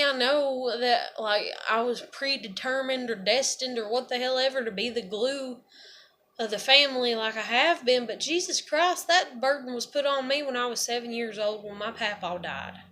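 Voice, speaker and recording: A woman's voice: a little high, pushed and bright, a little hiss or hum. A woman, venting bluntly in a raw, profane, heartfelt monologue. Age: 30s. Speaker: vlogger.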